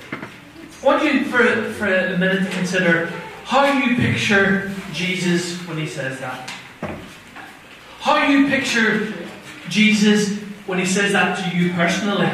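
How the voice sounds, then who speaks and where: A man's voice: sits high, expressive, unhurried, pauses often, background noise. A man preaching a sermon in a conversational way, often putting questions to his listeners. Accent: non-American. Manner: conversational, asks the audience questions. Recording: very echoey room, voice from far off.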